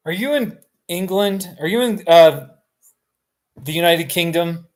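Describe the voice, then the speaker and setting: A man's voice: high voice, takes it slowly, pauses often. Middle-aged guy, tired live streamer chatting from his couch, self-mocking, rambling. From United States. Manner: rambling, self-deprecating, laughs often. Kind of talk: casual live stream chat. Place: home, sitting on a couch.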